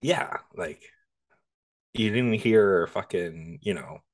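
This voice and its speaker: Man, low deep voice, relaxed profane movie podcast talk. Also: takes it slowly. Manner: laid-back, profane, laughs easily. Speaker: podcast co-host. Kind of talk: casual movie review chat.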